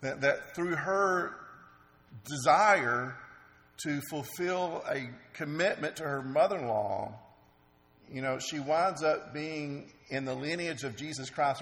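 Earnest preacher in an echoing hall. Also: male voice, mid-range voice, fairly bright tone. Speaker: pastor. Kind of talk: sermon. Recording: long reverb in a large hall.

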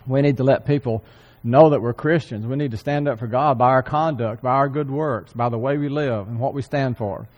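A man preaching a sermon, earnestly repeating key phrases for emphasis and often clearing his throat. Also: medium pitch, fairly quick, a little mellow, muffled recording. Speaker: church speaker. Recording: long hall reverb.

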